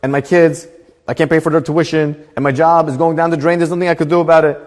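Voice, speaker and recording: A man voicing a desperate, broke man who pleads and grows excited as the story goes on. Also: on the high side, quick pace, big-room sound, natural voice. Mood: despairing. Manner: pleading, rising to excited near-shouting.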